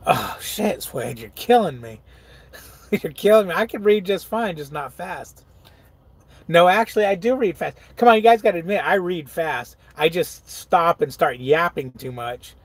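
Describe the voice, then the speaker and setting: A man's voice: on the high side, animated, moderate pace, husky, no echo. A middle-aged man, a truck driver, chatting casually on a live stream, reading viewer comments aloud, laughing often and riffing on them.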